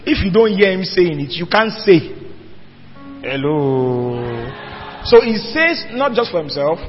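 A very animated male pastor with a high-pitched voice takes his time, emphatically posing rhetorical questions to the congregation. Soft background music accompanies him, and the church hall recording is lo-fi and dull, with long reverb.

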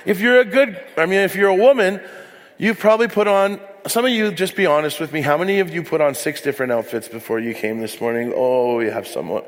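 A man's voice: a little high, fairly quick, big-room sound. A man preaching as a pastor, telling candid, self-deprecating stories with frequent asides. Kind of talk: sermon. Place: church hall.

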